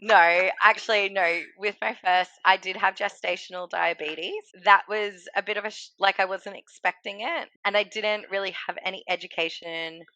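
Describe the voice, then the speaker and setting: Guest: woman, bright dry voice, lively storyteller who laughs a lot. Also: medium pitch, normal speed, hardly any pauses, no echo. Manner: chatty, laughs often, acts out what people said. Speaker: guest sharing her birth story. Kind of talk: casual storytelling interview.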